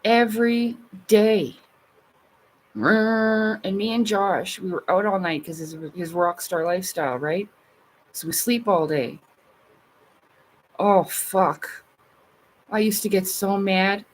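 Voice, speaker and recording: She takes her time, pausing often, her voice mid-range as she chats with livestream viewers. The Canadian streamer is blunt and profane, with frequent laughter.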